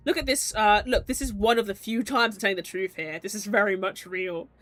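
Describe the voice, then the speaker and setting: A woman's voice: mid-range voice, steady tone, fairly quick, few pauses, a bit bright, faint music behind. A woman streamer reading game text aloud and chatting with viewers in a rambling way, with lots of "like". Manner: chatty, peppered with "like", giggly asides.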